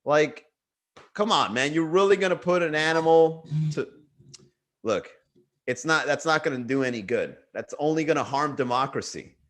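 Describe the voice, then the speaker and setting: A man's voice: a little high, expressive, moderate pace, fairly bright tone. A man hosting a comedy livestream, chatting casually in a rambling, jokey way and reading viewer comments aloud. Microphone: webcam or desk mic for a livestream.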